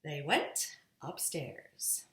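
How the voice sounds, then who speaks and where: Woman storyteller, slow and lively children's read-aloud, roomy sound. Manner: playful, voices each character with big pitch jumps. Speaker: storyteller reading picture books to her nieces.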